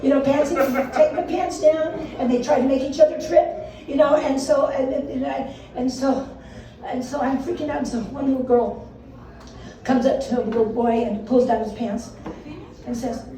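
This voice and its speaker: A woman's voice: high-pitched, steady tone, moderate pace, mellow. An older woman doing a stand-up comedy set, self-deprecating and laughing through her own jokes. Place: stage in a room. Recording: echoey room, mic far off.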